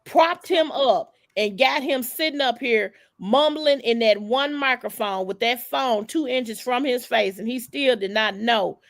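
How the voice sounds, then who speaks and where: A woman hosts a live stream, talking in a high, gravelly voice. She gossips casually, sassy and profane, and hammers her points home. The sound is dry and close, with no room echo. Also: unhurried, hardly any pauses. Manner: sassy, profane, emphatic storytelling. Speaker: livestream host.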